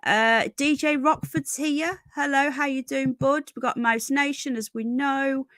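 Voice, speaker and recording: A woman hosts a casual livestream from home, greeting each viewer by name and calling them darling and sweetheart. Her voice sits fairly high. The sound is dry and close, with little room around it. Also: fairly even intonation, a little slow, a bit bright, no echo. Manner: chatty, affectionate, calls viewers darling and sweetheart. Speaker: livestream host.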